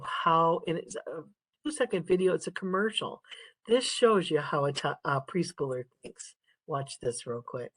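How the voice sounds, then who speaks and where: A woman's voice: sits low, moderate pace. A middle-aged woman giving a casual nursing lecture, chatty and full of stories, laughing often. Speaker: nursing instructor.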